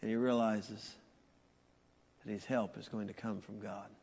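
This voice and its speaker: A pastor preaching a sermon, swinging from loud raised peaks down to hushed, low passages. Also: male voice, level tone, unhurried, vocal fry, slightly rough. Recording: dull sound with long church reverb.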